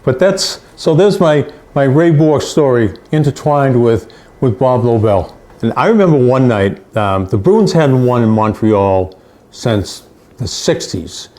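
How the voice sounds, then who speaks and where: A man's voice: medium pitch, lively intonation, measured pace, mellow. An older male sports reporter recounting stories in an anecdotal way, repeating phrases for emphasis. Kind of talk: storytelling.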